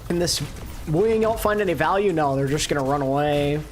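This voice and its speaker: Excitable woman co-streaming esports. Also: low-pitched, brisk. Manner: excitable, reacting loudly to big plays; casual internet slang. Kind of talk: live esports co-stream commentary.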